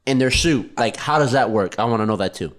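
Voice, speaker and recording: A man's voice: medium pitch, animated, a little fast. Teasing man co-hosting a podcast. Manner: playful, teasing, asks curious questions. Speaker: podcast co-host. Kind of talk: casual chat.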